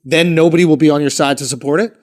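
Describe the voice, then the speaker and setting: A man's voice: a little high, steady tone, fast, a little mellow. A man co-hosting a podcast in casual chat, arguing his point at length in a blunt, profane way. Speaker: podcast co-host.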